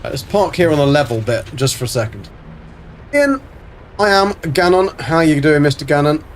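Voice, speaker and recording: A very animated man with a higher voice talks at normal speed over slight background noise and faint music. He's casually commentating a game on a live stream, chatting with viewers, greeting them by name and swearing freely.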